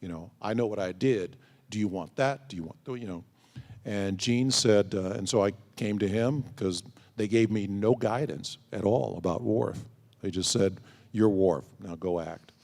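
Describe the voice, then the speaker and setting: Low dark-voiced man in a hall. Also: normal speed. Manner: anecdotal, acts out quoted dialogue. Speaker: convention panel guest. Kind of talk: storytelling Q&A answers. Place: large convention hall. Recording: long hall reverb.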